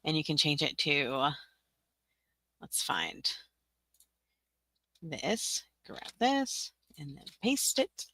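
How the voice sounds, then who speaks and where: A woman's voice: low-pitched, very animated, drawn-out words, long pauses, a bit bright, no echo. A woman from Tennessee hosting a casual livestream tutorial, chatty and giggly, rambling with lots of fillers. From Tennessee, USA. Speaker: livestream host.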